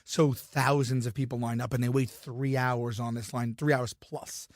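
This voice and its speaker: A man's voice: medium pitch, level tone, normal speed, no room sound, clean studio sound. A man in his thirties, a guest comedian on a podcast, telling anecdotes in casual talk and acting out other people's lines.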